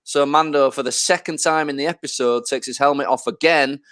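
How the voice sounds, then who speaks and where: A man's voice: fairly high pitch, a little fast, fairly bright tone, clear, resonant tone, no echo, studio quality. A man, casually chatting as a podcast co-host and acting out scenes in silly voices. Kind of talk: casual chat.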